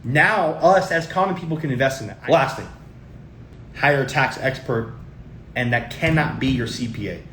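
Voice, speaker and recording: A man's voice: mid-range voice, expressive, moderate pace, fairly bright tone, reverberant, slight background noise. A middle-aged man hosting a tax tips show, talking casually and emphatically to viewers and repeating his points. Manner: emphatic and repetitive, often addresses viewers as guys. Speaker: show host giving tax and investing tips. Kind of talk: casual talk to camera.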